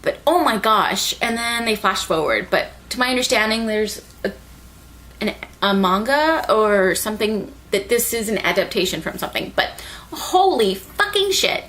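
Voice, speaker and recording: A young woman rambling excitedly through an anime recap, full of "like" and swearing. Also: mid-range voice, normal speed. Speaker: anime reviewer.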